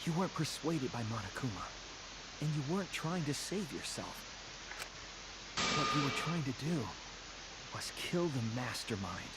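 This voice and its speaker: An actor voicing an earnest young male student detective in a video game, speaking with steady conviction. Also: mid-range voice, moderate pace, long pauses, heavy background noise, lightly acted. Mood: determined. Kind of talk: video game dub acting. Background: loud game music.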